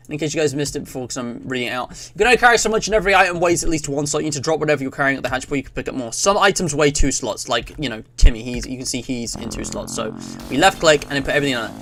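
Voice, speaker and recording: A man's voice: medium pitch, animated, fairly quick, a bit bright, slight background noise. A man giving casual, rambling let's-play commentary, reading on-screen text aloud as he plays. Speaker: gaming YouTuber.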